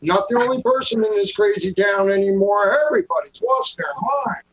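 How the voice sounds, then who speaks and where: Deadpan man, dispatcher role, fairly high voice, echoey room, improv comedy. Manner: wry, deadpan and quick to take other lines. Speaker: improv host playing a dispatcher. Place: video call from home.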